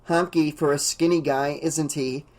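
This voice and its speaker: A man's voice: a little high, steady tone, measured pace, lightly acted. Brief: male reader playing a gossipy, jealous teen girl, sugary and prying, audiobook. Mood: sly. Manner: chummy, prying. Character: nosy, jealous teenage girl, fake friendly.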